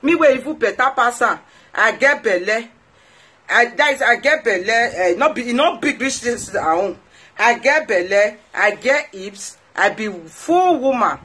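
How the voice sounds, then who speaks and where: Nigerian pidgin lady ranting at her followers, bright sharp voice kinda husky, keeps repeating herself to make the point. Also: fairly high pitch, animated, a little slow. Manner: scolding, indignant, repeats phrases for emphasis. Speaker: host.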